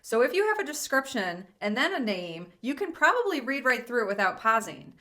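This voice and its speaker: Bright-voiced woman tutoring test prep. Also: on the high side, big pitch swings, a little fast. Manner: chatty and encouraging, with fillers and self-corrections. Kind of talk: casual video lesson.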